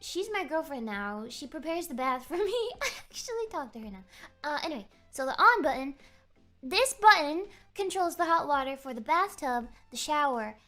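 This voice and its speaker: A young woman streaming, telling a rambling story in a giggly, animated way. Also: sits high, moderate pace, faint music behind. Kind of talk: casual chat. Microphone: streaming microphone.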